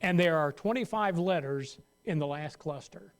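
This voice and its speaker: A man's voice: a little high, normal speed. A man pastor teaching a Sunday school Bible lesson in a loose, conversational way, often stopping mid-sentence to restart.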